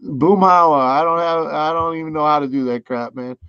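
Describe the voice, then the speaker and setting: A man hosting a stream in casual chat, halting and easygoing, laughing often. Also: fairly high pitch, fairly even intonation, a bit bright, smooth, no room sound. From New England, US. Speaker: live stream host. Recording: dull, lo-fi stream audio.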